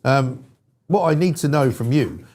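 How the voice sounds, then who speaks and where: A man's voice: mid-range voice, unhurried, darkish tone. A man hosting a talk show, bantering playfully and mocking himself with a chatty, loose delivery. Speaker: radio talk show host. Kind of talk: jokey studio banter.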